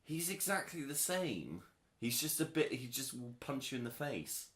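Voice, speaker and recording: A man's voice: mid-range voice, sing-song, moderate pace, fairly bright tone. Teasing male podcast host, echoey room. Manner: teasing, argumentative, laughs often. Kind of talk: casual film chat.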